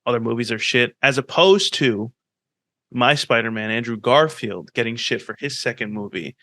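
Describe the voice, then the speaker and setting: A young man co-hosting a podcast, chatting casually and animatedly, swearing freely and quick with opinions. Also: mid-range voice, pushed and bright, no room sound. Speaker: podcast co-host. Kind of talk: casual chat.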